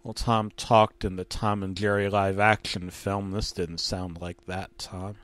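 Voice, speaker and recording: Low-voiced man narrating a horror story. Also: flat delivery, a little slow, fairly bright tone, clean tone, dry recording.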